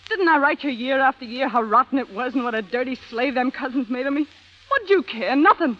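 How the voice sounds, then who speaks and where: A hard-bitten young woman in a vintage radio play, using tough slangy speech. Her voice sits very high and cuts through bitter and unbending. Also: animated, brisk, fairly bright tone, poor audio. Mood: bitter defiant. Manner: slangy, tough street talk. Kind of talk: 1930s radio drama acting.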